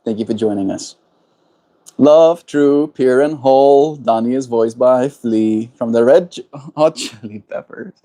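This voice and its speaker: A man with a South African accent chatting gently on a livestream, greeting viewers and laughing often. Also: mid-range voice, a little slow. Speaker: livestreamer reading chat. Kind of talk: casual livestream chat.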